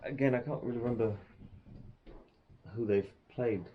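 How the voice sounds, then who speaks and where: A man, co-hosting a casual podcast in a relaxed, rambling way. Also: mid-range voice, moderate pace, phone-quality sound, slight background noise. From Netherlands. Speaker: podcast co-host. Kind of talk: casual chat.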